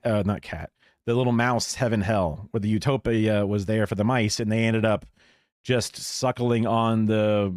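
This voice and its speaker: A man's voice: fairly low pitch, darkish tone, dry recording, clean studio sound. A man hosting a live reaction stream, talking casually, opinionated, swearing and chuckling. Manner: opinionated, profane rants mixed with chuckles. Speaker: livestream host. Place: home streaming setup.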